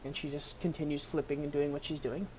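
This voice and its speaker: A game master narrating a tabletop game scene, halting with many fillers and restarts. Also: mid-range voice, little pitch movement, a little mellow, a little hiss or hum.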